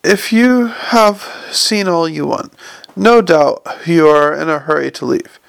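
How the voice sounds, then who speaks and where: A man reading an audiobook, voicing a stiff, formal bank clerk who speaks calmly and precisely. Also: fairly high pitch, takes it slowly, creaky, clear, resonant tone, no echo. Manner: formal, clipped, calm.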